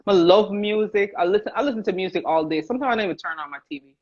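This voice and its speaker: A Jamaican woman hosts a live cooking stream, chatting easily and laughing as she calls out viewers by name. Her voice sits at a middle pitch. The sound is a little dull and lo-fi, like a phone livestream. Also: very fast, darkish tone, slightly rough. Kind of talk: casual livestream chat while cooking.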